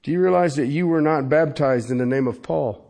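This pastor's voice is a little high and darkish, with vocal fry, and he talks fairly quickly. Preaching in church, he hammers his points home, repeats himself, changes pace abruptly and keeps asking his congregation "Okay?"

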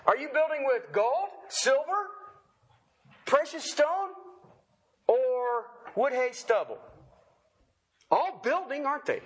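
A middle-aged man preaching a sermon. He is animated, asks a stream of rhetorical questions and jokes with the congregation. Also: very high-pitched, slow pace, pauses often.

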